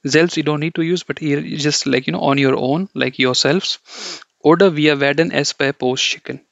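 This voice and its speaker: A man's voice: a little high, steady tone, normal speed, gravelly, fairly bright tone, dry recording. A man teaching an online German lesson, explaining step by step with frequent checks like "okay" and "you know". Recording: dull, lo-fi dry recording.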